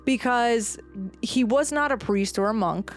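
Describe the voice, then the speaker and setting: A woman's voice: fairly high pitch, measured pace, faint music behind. A woman presenting a history story on a casual podcast, chatty, with lots of fillers. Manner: chatty, animated, many fillers, jumps into quoted voices. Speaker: podcast co-host presenting the research.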